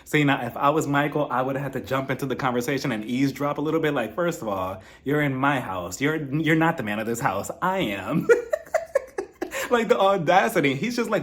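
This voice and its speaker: A man's voice: medium pitch, expressive, a little fast. A man giving a casual, sarcastic recap of a reality show, chatty and laughing at his own jokes.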